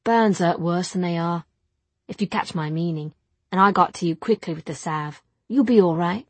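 A woman's voice: lowish voice, normal speed, dry recording, close to an everyday voice. A woman narrator voicing a young Victorian housemaid who speaks plainly and cries, her voice cracking. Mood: frank, soothing. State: crying.

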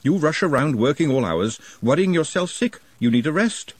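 Male narrator playing a brisk, motherly cook, lively, husky voice. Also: no room sound. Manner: brisk, firm, raised pitch. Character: brisk practical woman cook, bossy but kind.

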